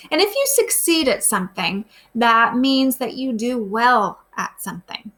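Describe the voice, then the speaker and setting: A grade-school teacher guides her class through today's lesson in a recorded remote session, patiently putting simple questions to the children as she goes. Her voice sits high and sounds pushed and bright.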